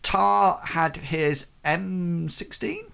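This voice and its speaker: A man running a tabletop game as game master, recapping events slowly with many pauses and fillers. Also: sits high, creaky, sharp tone, clean tone.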